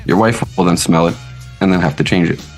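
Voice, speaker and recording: A man's voice: deep voice, fairly quick, faint music behind. A man co-hosting a sports podcast, pressing his point and cutting in with "listen.". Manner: insistent, keeps saying "listen". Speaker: podcast co-host. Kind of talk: heated sports debate.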